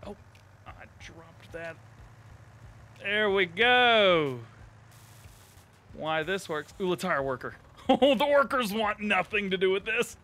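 A man's voice: high-pitched, lively intonation, takes it slowly, pauses often, pushed and bright. A man hosting a live gameplay stream, giggling constantly and reading chat messages aloud in a giddy, casual way. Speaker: livestream gaming host.

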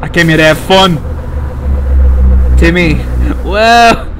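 A young man hosting a let's play, reacting excitably and profanely to a puzzle game as he plays. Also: high voice, takes it slowly, noisy background. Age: young adult. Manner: excitable, profane, often laughing. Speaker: gaming channel host.

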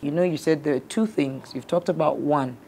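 An actress playing a counseling show host who calmly and steadily urges her guests to calm down. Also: low voice, normal speed, a little hiss or hum. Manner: calm, soothing, repeatedly pleads for calm. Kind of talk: scripted drama acting.

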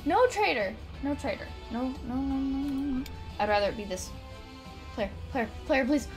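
A woman livestreaming gameplay, reacting excitedly and swinging from low mutters to loud shrieks. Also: moderate pace, faint music behind. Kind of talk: gameplay commentary.

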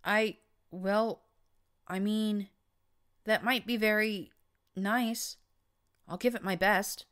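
A woman's voice: mid-range voice, fairly even intonation, slow pace, long pauses, fairly bright tone, smooth, voice pushed up. A woman doing a mousy, stammering mare pony. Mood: timid, nervous. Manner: hesitant, stammering.

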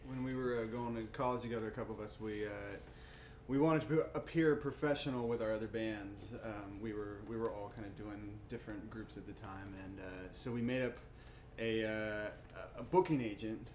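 A man in a band answering an interviewer in a relaxed, hesitant way. His voice sits a little low and rings in a roomy space. Faint ambient noise is heard behind him. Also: moderate pace. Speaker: band member.

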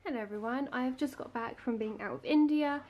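A woman's voice: high-pitched, a little fast, dull audio, slight background noise. A young woman in her twenties chatting casually to camera in a vlog, giggly and full of fillers. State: a little out of breath. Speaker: vlogger. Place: home, indoors.

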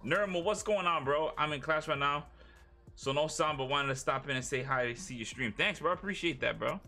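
A man's voice: on the high side, brisk, pushed and bright, soft background music. A young man streaming a game live, chatting casually and profanely with his viewers and a teammate. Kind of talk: live gaming stream chat.

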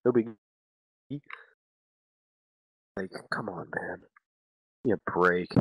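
A man putting on a dopey eighteen-year-old slacker who rambles on in a crude, meandering drawl. The voice sits very low, close and dry, as if right on the mic. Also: slow, a bit bright, slightly rough, dry recording, full character voice, poor audio. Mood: rambling. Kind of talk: improvised comic monologue.

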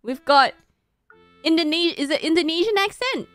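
A young woman hosting a party game, explaining the rules quickly and loosely with laughs. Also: very high-pitched, expressive, fairly bright tone, dry recording, soft background music. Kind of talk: casual stream chat.

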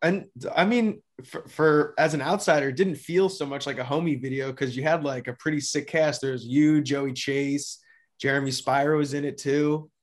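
A man's voice: on the high side, fairly even intonation, moderate pace. A man hosting a casual podcast interview, asking questions with many fillers and restarts. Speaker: podcast host.

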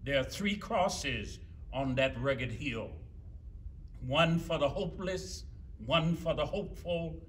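A male preacher speaks slowly and solemnly, lingering on each phrase. His voice is fairly high for a man. He sounds distant from the mic, with faint noise behind him. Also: fairly bright tone. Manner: slow, measured, solemn preaching. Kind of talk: sermon.

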